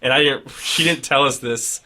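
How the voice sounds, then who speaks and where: A man's voice: medium pitch, normal speed, bright, forceful tone. A young man co-hosting a casual podcast, telling a rambling travel story full of fillers. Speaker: podcast co-host. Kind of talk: casual chat.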